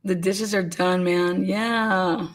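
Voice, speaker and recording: A woman's voice: lowish voice, fairly even intonation, slow, a little hiss or hum. A woman hosting a casual livestream, calling bingo games and reading viewer comments aloud with frequent laughter. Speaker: livestream host.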